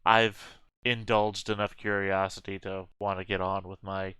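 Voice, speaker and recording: A laid-back man talking as a tabletop game player. His voice is low and flat, with a bright, very clear and smooth tone. The recording is dry. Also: a little slow, dry recording. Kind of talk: casual tabletop game chat. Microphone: remote call mic.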